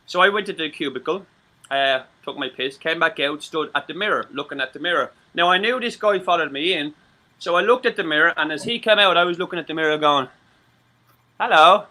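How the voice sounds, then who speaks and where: A man's voice: on the high side, fast, pushed and bright. An Irish man from Ireland chatting on a live-stream talk show, rambling and swearing, with many stammered restarts. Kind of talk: casual live-stream chat.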